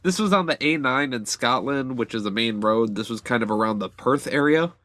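A man's voice: medium pitch, lively intonation, brisk, sharp tone, dry recording. A man casually telling a news story on a podcast, rambling and swearing freely. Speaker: podcast co-host.

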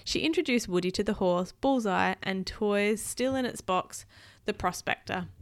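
A woman's voice: mid-range voice, moderate pace, dry recording, studio quality. Woman reading a storybook aloud. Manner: gentle, patient explaining. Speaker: parent reading to a child.

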